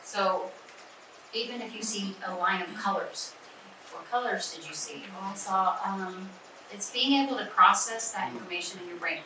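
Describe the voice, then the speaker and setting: A woman's voice: medium pitch, bright, forceful tone. A woman leading a teacher workshop, speaking earnestly and stressing key words by repeating them. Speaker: teacher trainer. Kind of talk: workshop talk with questions. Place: conference room. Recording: echoey room from far off, noisy.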